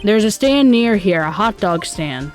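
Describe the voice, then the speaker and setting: A woman voicing an earnest young male lawyer in a slightly lowered, steady reading voice. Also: unhurried, faint music behind, natural voice.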